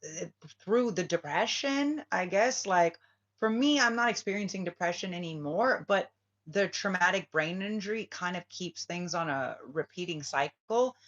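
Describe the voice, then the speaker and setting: A woman's voice: lowish voice, animated, normal speed, fairly bright tone, dull audio. A woman, a spiritual reader, talking in a casual, rambling and emphatic way and swearing freely. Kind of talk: casual rambling vlog talk.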